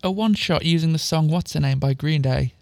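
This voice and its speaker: Brief: man, high and lively, sarcastic fan-fiction reader, dry close sound. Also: a little fast, gravelly, no echo. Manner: mocking, exaggerated dialogue voices. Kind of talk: sarcastic dramatic reading with asides.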